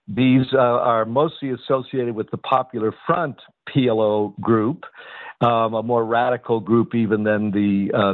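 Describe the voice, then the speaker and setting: A man in his sixties, a guest analyst on a radio news interview, talking in a measured way with many fillers and restarts. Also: mid-range voice, dry recording. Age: 60s. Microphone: phone. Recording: tinny phone line.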